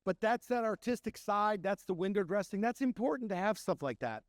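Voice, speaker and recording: A middle-aged man, a chef and restaurant owner, telling stories in an animated way and acting out the voices of the people he quotes. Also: high voice, fairly quick, dry recording, studio quality. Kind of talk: storytelling talk.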